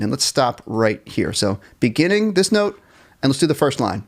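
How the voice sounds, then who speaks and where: A man at an everyday middle pitch teaches a jazz band class live over a computer mic. He counts off bars, sings short scat lines and jokes about his own slips. His tone stays relaxed and encouraging. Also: normal speed, creaky, soft background music. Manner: upbeat and encouraging, counts off and scats melodies; self-deprecating about small mistakes. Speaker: music teacher.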